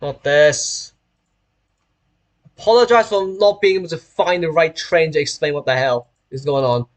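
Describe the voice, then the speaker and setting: Young man, from hong kong, british-sounding accent, sore throat, rambling casual stream chat, raised pitch. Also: moderate pace. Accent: British-sounding English. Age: young adult. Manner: rambling and self-correcting, often restarting phrases. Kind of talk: casual live-stream chat while playing a train simulator.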